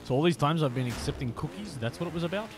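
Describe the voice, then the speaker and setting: A man's voice: on the high side, expressive, fast talker, noisy background. Man teasing his stream viewers. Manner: playful, teasing chat with viewers, drops into whispers. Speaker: game streamer. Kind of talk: casual live-stream chat.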